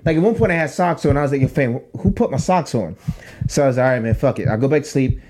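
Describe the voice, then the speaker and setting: A young man co-hosting a podcast tells a long, profane story in casual conversation, speaking fast in a slightly high voice. He's animated and acts out the voices of the people he quotes.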